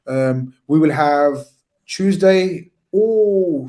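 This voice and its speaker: A man's voice: on the high side, fairly even intonation, brisk, a little mellow. A man hosting a football call-in stream, tired and winding down after hours on air. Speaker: host. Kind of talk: casual football call-in chat.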